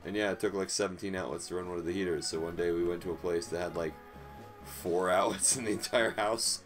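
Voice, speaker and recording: A man's voice: deep voice, fairly even intonation, fast, soft background music. A young man hosting a podcast, telling laid-back stories in casual chat and swearing freely. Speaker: podcast host.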